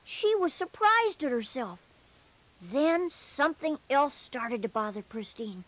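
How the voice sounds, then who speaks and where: A high-voiced bear storyteller. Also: male voice, very animated, unhurried, full character voice. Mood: earnest. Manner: gentle, earnest. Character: cheerful young male bear storyteller. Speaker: narrator. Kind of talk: children's storybook narration.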